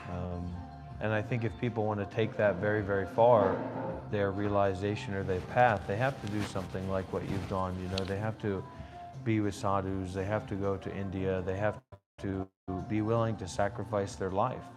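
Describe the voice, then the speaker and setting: A man with a low voice talks as a meditation teacher in a casual spiritual conversation, rambling and peppering his talk with fillers. He gets pushy and insistent when he pushes a point. Clear music plays underneath. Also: steady tone, normal speed. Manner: rambling and insistent, many "you know" fillers. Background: background music.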